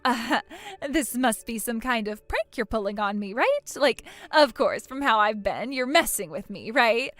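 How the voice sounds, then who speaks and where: A woman's voice: on the high side, very animated, unhurried, fairly bright tone, no room sound, soft background music. A woman playing a bratty spiteful sister-in-law. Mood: whiny. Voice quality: mocking, whiny. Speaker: voice actor. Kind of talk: text-message drama reading.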